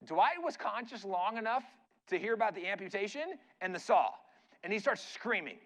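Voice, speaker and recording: A man's voice: high voice, very animated, normal speed, fairly bright tone. A man speaking as a guest preacher in a church, telling a story in a casual, conversational way with frequent "like" and "right?" asides.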